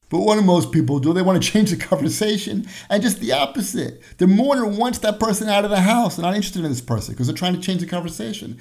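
A man's voice: high-pitched, vocal fry, a little mellow. A man hosting a podcast, giving a conversational Torah lesson with everyday examples and the odd chuckle. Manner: explains with everyday examples and acts out short dialogues; chuckles now and then. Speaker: podcast host and Torah teacher.

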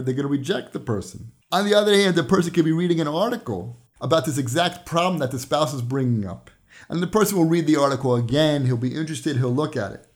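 A man with a slightly high voice gives a weekly Torah lesson on his podcast. He explains earnestly and leans on retold stories and scripture to make his points. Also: darkish tone. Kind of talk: weekly religious teaching podcast.

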